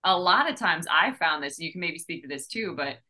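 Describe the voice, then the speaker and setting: A woman's voice: on the low side, lively intonation, brisk, bright, forceful tone, low-quality recording. A woman hosting a faith podcast, talking casually and enthusiastically and asking rhetorical questions. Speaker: podcast host.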